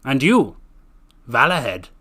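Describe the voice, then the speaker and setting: A man voicing a friendly, silver-haired fox-like gentleman in a storybook reading. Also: mid-range voice, sing-song, slow pace, heavily acted. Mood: genial. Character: silver-haired fox-like male, genial, hospitable.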